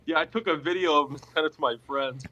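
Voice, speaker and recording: A man's voice: a little high, fast, sharp tone, low-quality recording. A young man co-hosting a podcast, joking and teasing in casual chat. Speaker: podcast co-host.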